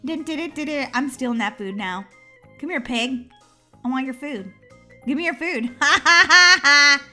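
A woman hosting a gaming channel, giving excitable let's-play commentary, giggling and shrieking when chased. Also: sits high, moderate pace, faint music behind.

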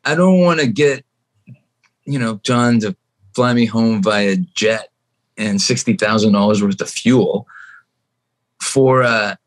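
A man from Canada, a guest musician on a podcast, telling a story with animated energy and acting out what other people said. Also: fairly low pitch, takes it slowly, pauses often. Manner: animated, acts out other people's lines in shifting voices. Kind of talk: storytelling anecdote in a podcast chat.

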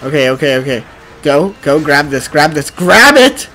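A male streamer commentating his gameplay, often frustrated and ranting at the game, with sudden bursts of yelling. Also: a little high, little pitch movement, normal speed, soft background music.

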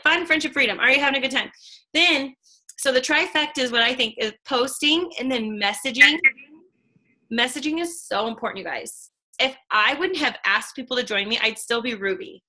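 An upbeat woman coaches her team through a casual training talk on a call. Her voice is bright and sits a bit high, and she keeps things chatty and encouraging. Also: moderate pace. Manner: upbeat, chatty, lots of "like" and "okay". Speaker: business trainer.

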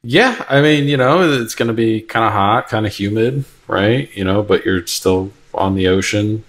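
A male podcast host with a fairly low voice, asking his guest questions. He reads them aloud in a steady, conversational way. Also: normal speed. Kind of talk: interview questions.

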